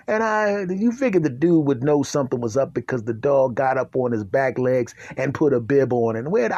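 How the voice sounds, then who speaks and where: Man, podcast host, comic storytelling, animated, mid pitch, dry recording. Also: no room sound, dull audio. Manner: animated, deadpan-absurd, repeats "right?".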